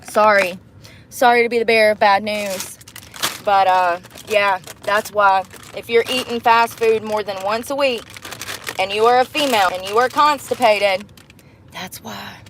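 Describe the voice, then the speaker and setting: A young woman vlogging in a casual, candid chat to her viewers, animated and quick to laugh, calling them y'all, girl and baby. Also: mid-range voice, slight background noise.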